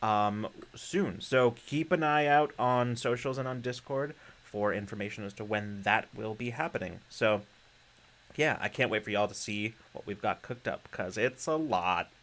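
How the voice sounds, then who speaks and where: A man's voice: fairly low pitch, moderate pace, fairly bright tone. Rambling man hosting a live stream. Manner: rambling with many fillers and restarts; laughs easily. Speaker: podcast host. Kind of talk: casual livestream chat.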